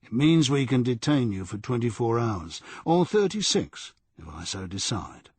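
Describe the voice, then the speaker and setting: A man's voice: mid-range voice, very animated, normal speed, darkish tone, husky, no echo. A man playing a blunt, persistent police detective in an audiobook, pressing with firm questions.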